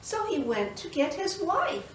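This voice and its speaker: A woman reads a story to toddlers with a high, bouncing voice. She takes her time, voicing each animal noise. She is heard from a distance in an echoey room, with faint background hiss. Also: huge pitch swings, unhurried. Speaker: children's librarian.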